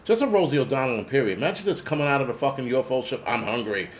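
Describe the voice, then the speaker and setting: A man's voice: mid-range voice, very animated, very fast, slight background noise. A man hosting a prepper channel, chatting casually on a live stream, rambling, swearing and reading out chat names. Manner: rambling, profane, reads chat names aloud.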